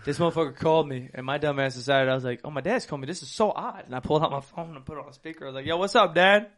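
A man's voice: on the high side, very fast, a bit bright. A young man telling crude, profane stories in casual chat with friends, laughing often. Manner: rowdy, profane, laughing storyteller.

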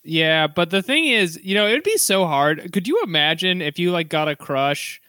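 A man's voice: sits high, expressive, normal speed, bright, forceful tone, dry recording, studio quality. Joking man co-hosting a podcast. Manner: joking, bawdy riffs and banter. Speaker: podcast co-host. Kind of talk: casual comedic chat.

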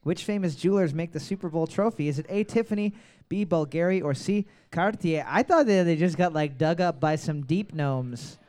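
A man's voice: a little high, normal speed, mellow. A man hosting a trivia night podcast, reading each question twice and joking crudely between rounds. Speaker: trivia host.

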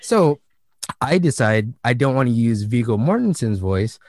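Co-host, man, lively pitch, dry close sound, laughs a lot mid-story. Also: normal speed, no echo. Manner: animated storyteller, laughs often. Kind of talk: casual chat.

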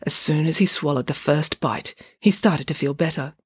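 A woman reading a children's book aloud, telling the story in an expressive, lively way. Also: deep voice, normal speed, husky, dry recording, clean studio sound.

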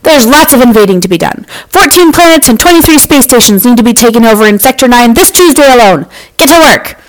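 A bossy alien council boss barks orders in a raised, loud voice, as a woman puts him on. The tone is commanding and rumbling, a storybook villain in a children's podcast. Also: expressive, quick pace, lightly acted, poor audio.

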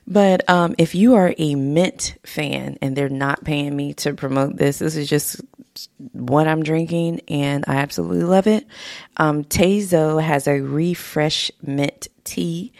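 A woman with a low, slightly mellow voice hosts a casual motivational podcast, sounding heartfelt and a little emotional and laughing often. She speaks into a podcast microphone in a home studio, and the recording is dry and clean with studio sound.

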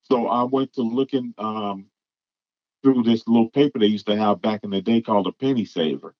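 A man's voice: on the low side, no echo. A man tells a story casually, stopping and restarting with plenty of ums. The sound is dry and close. The recording is dull and lo-fi. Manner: halting, with many ums and restarts. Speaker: guest telling a story.

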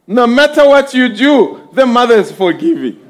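A man preaching a sermon in slow, emphatic swells, speaking directly to his congregation. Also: very high voice, very animated.

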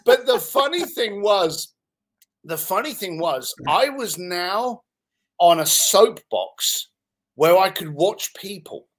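A man in his fifties from London, with a London English accent, telling lively stories as an interview guest. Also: sits high, slow. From London, England. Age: 50s. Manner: animated, swearing, laughs while telling stories. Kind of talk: casual storytelling in conversation.

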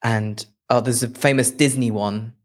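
A chatty man with an English Midlands accent, talking casually as a podcast guest. He laughs easily and jumps his voice up high when he acts out what others say. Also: fairly even intonation, measured pace. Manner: chatty, laughs often, acts out quotes in a higher voice. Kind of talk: casual chat.

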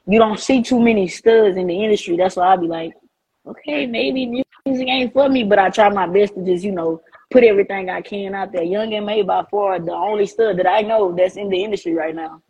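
A woman's voice: mid-range voice, fairly even intonation, brisk, warm tone, husky, rough recording. A woman rapper chatting casually, confident and slangy. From Alexandria, US East Coast. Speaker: rapper guest. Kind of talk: casual chat.

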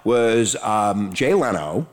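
A man's voice: fairly low pitch, sing-song, slow pace. A man hosting an online talk radio show, chatting casually and rambling through news with lots of fillers.

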